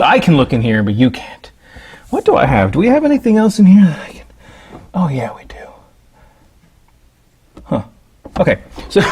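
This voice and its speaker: Animated, joking man hosting a cooking stream. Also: a little high. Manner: playful, jokey, chatting with viewers. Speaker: livestream cooking host. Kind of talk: casual livestream chat while cooking. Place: home kitchen.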